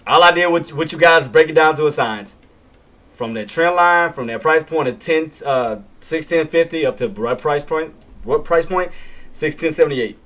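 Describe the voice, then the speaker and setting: A man on a live trading stream talks his viewers through each level in a fairly high voice. He circles back to the same points, fires rhetorical questions and answers them, and breaks into a quick chuckle or a "bam" as the market moves. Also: fairly bright tone. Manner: punctuates calls with "bam" and chuckles. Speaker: day-trading livestream host.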